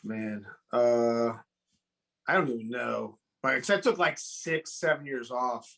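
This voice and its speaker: A man's voice: mid-range voice, slow pace, vocal fry, fairly bright tone. A man in his forties chatting casually on a podcast, laid-back, swearing freely and laughing often. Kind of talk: casual chat.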